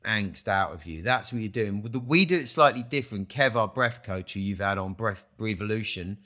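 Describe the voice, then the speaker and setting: A man's voice: lowish voice, animated, a little fast, pushed and bright. A man, a retreat founder talking casually as a guest, rambling with many restarts and "you know"s. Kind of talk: casual conversational interview.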